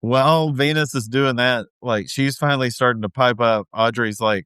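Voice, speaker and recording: A man's voice: medium pitch, fairly even intonation, normal speed, hardly any pauses, a bit bright, clear, resonant tone, dry recording, clean studio sound. A man co-hosting a casual recap podcast, laid-back with jokey asides. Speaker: podcast co-host.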